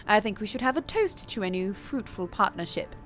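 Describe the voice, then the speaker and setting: A woman's voice: medium pitch, expressive, brisk, a bit bright, soft background music, close to an everyday voice. A woman voicing a poised, elegant female vampire hostess with a refined, sly manner. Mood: silky.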